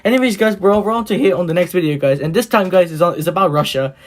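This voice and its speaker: A hoarse man hosting a reaction video, rambling casually with many fillers and restarts. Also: high-pitched, quick pace.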